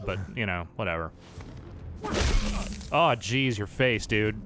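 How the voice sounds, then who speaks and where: A man's voice: on the low side, expressive, slow pace, over music. A male host giving dry, laid-back commentary while playing a video game. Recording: audible background noise.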